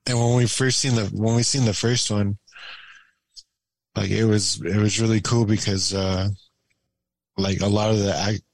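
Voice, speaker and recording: A young man telling stories in a relaxed, rambling way as a podcast guest, full of fillers and laughs. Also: lowish voice, moderate pace, pauses often, no echo, poor audio. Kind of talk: casual storytelling chat.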